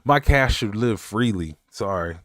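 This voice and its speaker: A man's voice: sits low, dry recording, clean studio sound. A man chatting casually on a livestream, answering his chat in a rambling way, laughing and cracking self-mocking dad jokes. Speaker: streamer reading live chat.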